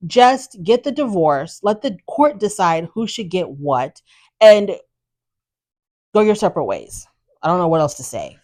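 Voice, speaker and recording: A woman hosting a podcast, casually recapping a reality show with blunt, animated opinions and exasperated asides. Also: lowish voice, measured pace. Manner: animated, exasperated, talks straight to the subject.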